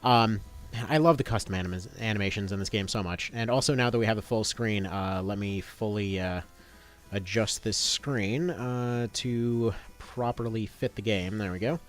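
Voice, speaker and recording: A man's voice: lowish voice, moderate pace, soft background music. A man in his thirties chatting casually as he streams a game, rambling with lots of fillers and restarts. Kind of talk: casual gameplay commentary.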